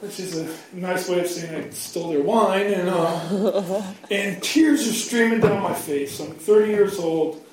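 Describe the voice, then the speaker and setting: A man's voice: sits high, a little slow, darkish tone, a little hiss or hum. A man in his thirties telling his recovery story in a rambling, profane, self-mocking way. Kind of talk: personal storytelling. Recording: very echoey hall, from far off.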